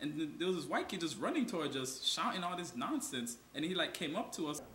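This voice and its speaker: A young man playing a college student, telling a profane, animated story in an amateur student film. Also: on the high side, fast talker. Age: young adult. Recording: roomy sound with music behind.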